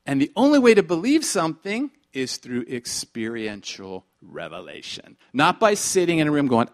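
A man preaching a sermon in an animated way, acting out bits of dialogue and swinging between loud and hushed delivery. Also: on the high side, moderate pace, few pauses. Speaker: pastor.

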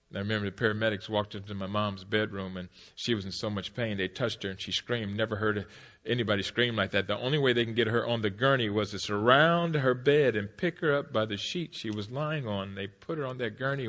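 A middle-aged man giving a speech to an audience, telling a personal story emphatically. His voice drops to a hush, then rises loud. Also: on the low side, brisk. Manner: emphatic, swings between hushed and loud. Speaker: motivational speaker.

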